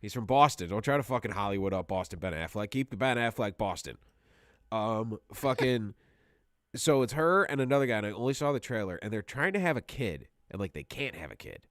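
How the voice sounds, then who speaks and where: A man's voice: on the low side, expressive, fairly quick, no echo, studio quality. A man co-hosting a casual podcast chat, telling rambling, profane stories and laughing often. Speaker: podcast co-host.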